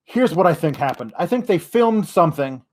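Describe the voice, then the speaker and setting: A man's voice: on the high side, animated, moderate pace. A man hosting a wrestling podcast, delivering an exasperated rant full of swearing. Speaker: wrestling news podcast host.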